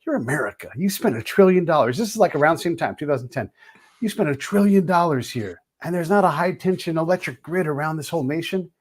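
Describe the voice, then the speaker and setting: A man's voice: fairly high pitch, lively intonation, quick pace, slightly rough. A man hosting a podcast who talks in a blunt, casual way, swears freely and acts out the people he quotes. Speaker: podcast host.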